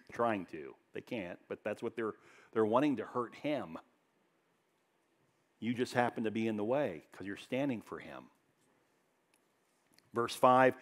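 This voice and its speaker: Man preaching with big loud swells. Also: lively intonation, a little slow, pauses often. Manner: preaching with swells from loud emphasis to hushed lows. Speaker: pastor. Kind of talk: sermon. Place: church.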